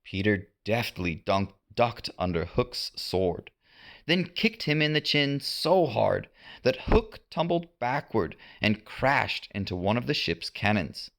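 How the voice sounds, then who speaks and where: A man reading a storybook adventure aloud at an unhurried pace. His pitch rises and falls a lot, and he gives the reading an expressive lift. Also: creaky. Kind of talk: storybook narration.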